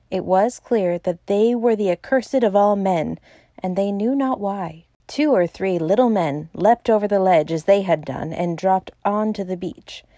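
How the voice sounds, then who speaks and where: A woman reads a classic novel aloud in a measured, even way. Her voice is mellow and warm, with a dry, close sound and no room echo. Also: mid-range voice. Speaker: audiobook narrator. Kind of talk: scripted narration.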